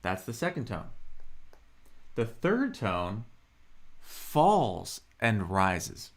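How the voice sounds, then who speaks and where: Slow, friendly male tutor. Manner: slow, drawn-out model pronunciations with swooping pitch; friendly, chatty asides to viewers. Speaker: Mandarin teacher streaming live. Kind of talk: live online language lesson.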